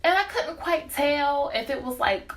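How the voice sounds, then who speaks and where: A young woman tells a casual storytime tale in an animated, profane way. Her pitch swings widely as she talks, and she laughs often between phrases. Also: a little slow.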